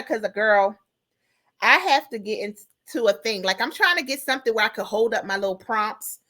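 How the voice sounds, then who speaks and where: Bright-voiced woman, animated podcast chat. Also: a little high, normal speed. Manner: animated storytelling, acts out callers. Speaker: podcast co-host. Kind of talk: casual chat.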